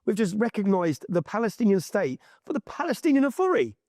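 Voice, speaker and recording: A man recounts a story in an animated, anecdotal way and keeps slipping into the voices of the people he met. His voice sits fairly high and swings widely. The sound is close and dry. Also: fast, no echo. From England. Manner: lively, repeats himself, quotes people in his stories. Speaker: interview guest.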